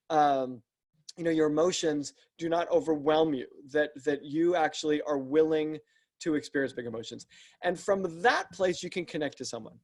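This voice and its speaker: A man with a fairly high voice talks as a podcast guest about his coaching work. He explains earnestly and methodically, circling back and restarting his sentences as he builds each point. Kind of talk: explanatory interview talk.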